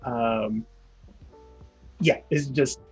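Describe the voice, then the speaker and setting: A man running a tabletop game as game master. He describes scenes loosely, full of fillers and restarts. His voice is slightly husky. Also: mid-range voice, drawn-out words, darkish tone, highs cut off, faint music behind.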